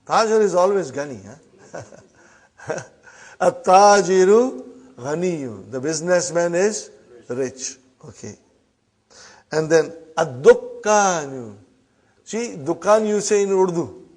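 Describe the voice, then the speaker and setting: A man's voice: fairly high pitch, darkish tone, breathy edge. Man teaching a classroom lesson. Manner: drills phrases and often checks with a questioning "huh?". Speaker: Arabic language teacher.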